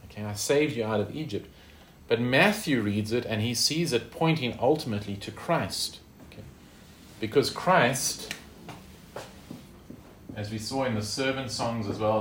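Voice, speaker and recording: A man's voice: medium pitch, animated, measured pace, fairly bright tone, roomy sound, a little hiss or hum. A man teaching a Bible study in a conversational way, with fillers and tag questions.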